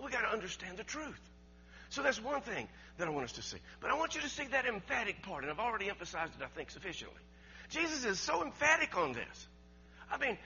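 A man preaching a sermon, emphatic and rising to near shouts, with laughs between his points and words he repeats. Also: high-pitched. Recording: dull lo-fi recording with mains hum.

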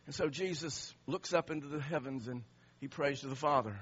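A man preaching a sermon as a pastor, emotional and swinging from soft to loud. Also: on the high side, a little fast, few pauses, breathy edge. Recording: slightly muffled sermon recording.

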